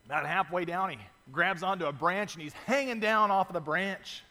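A man preaching a sermon as pastor, telling stories with lively acted-out voices and reading scripture to his congregation. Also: high voice, normal speed, in a large hall. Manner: animated storytelling, acts out voices in stories.

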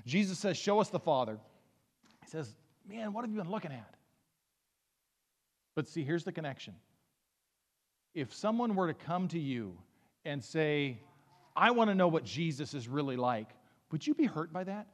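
A man's voice: fairly high pitch, sing-song, normal speed, pauses often. A pastor in his fifties preaching a sermon, earnest and building to emphatic peaks as he reads scripture aloud. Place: church sanctuary. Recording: long hall reverb.

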